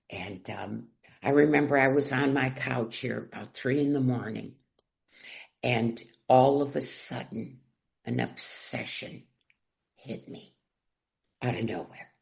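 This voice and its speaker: A middle-aged woman tells her recovery story at a meeting, her voice gravelly and slow-paced, dropping to whispers and rising to loud cries. The recording is dull and lo-fi. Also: extremely low pitch. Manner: emotional, swings from loud to whispered. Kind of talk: personal recovery share.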